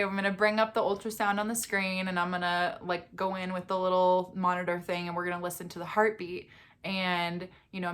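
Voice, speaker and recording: Young woman doing a chatty storytime vlog, lively, voice bouncing way up on the quotes. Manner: animated storyteller, acts out quotes with big pitch jumps. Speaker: vlogger. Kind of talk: storytime vlog, casual chat.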